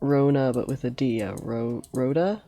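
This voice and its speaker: A woman's voice: a bass voice, normal speed, dark tone. A young woman streaming a game, chatting and telling rambling stories with frequent giggles. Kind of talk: casual gameplay storytelling.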